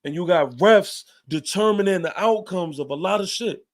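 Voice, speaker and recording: A man's voice: high-pitched, moderate pace. A man hosting a fan show, giving a heated, emphatic post-game rant with casual swearing and repeated points.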